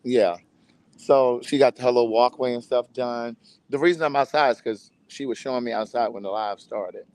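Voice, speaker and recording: Broadcasting a casual phone live stream from a friend's backyard, this host speaks at medium pitch and moderate pace with a darkish tone and no room sound. He is showy during the scripted promo intros and relaxed and chatty otherwise.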